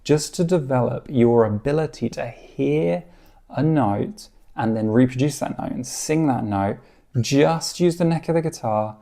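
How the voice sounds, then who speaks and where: Gravelly, mellow-voiced male guitar teacher. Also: medium pitch, a little slow. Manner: calm, encouraging explaining with counted beats and sung snippets. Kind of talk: online guitar lesson.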